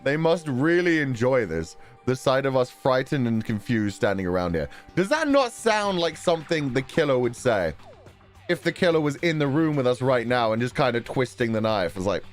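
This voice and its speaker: A male game streamer who talks casually and reacts out loud, swearing and laughing as he theorizes. His pitch moves a great deal, and his voice sits at a middle height. Faint game music plays behind him. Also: very animated, brisk. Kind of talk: let's-play commentary.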